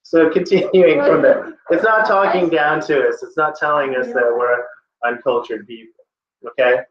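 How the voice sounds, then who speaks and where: A man with a fairly high voice teaching a classroom lesson in a casual, animated way. His speech is loose and full of "like". The sound is echoey, dull and lo-fi, as if it were recorded in a classroom. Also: moderate pace. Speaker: test-prep teacher.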